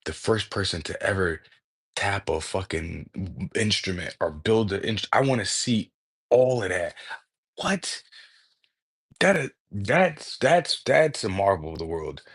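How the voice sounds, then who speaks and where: Male streamer, lower register, casual and excitable, swears freely, rambles and trails off. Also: breathy edge. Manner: excitable, profane, slangy, peppers speech with "bro"; jumps between thoughts, trails off mid-word. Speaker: livestream host. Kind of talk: casual rambling livestream talk.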